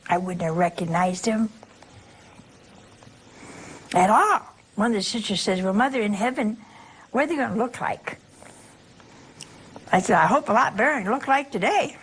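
A woman's voice: medium pitch, lively intonation, moderate pace, long pauses, a little hiss or hum, rough recording. An older woman, a religious sister, giving a conversational sermon in a folksy way, full of rhetorical questions.

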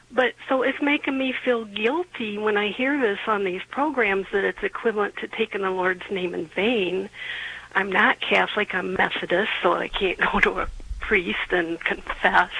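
A woman's voice: mid-range voice, pushed and bright, breathy edge. A woman calling in to a radio show, asking her question in a hesitant, earnest way. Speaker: caller. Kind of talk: phone-in question. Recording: tinny phone line.

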